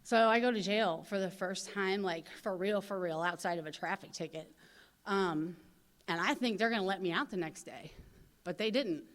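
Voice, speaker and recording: A woman from St. Louis speaking at a recovery convention. She talks casually, fills her speech with "you know," and acts out other people's lines in lively voices. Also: mid-range voice, normal speed. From St. Louis, USA. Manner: casual storytelling, heavy on "you know" fillers. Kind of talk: personal recovery talk. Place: convention hall.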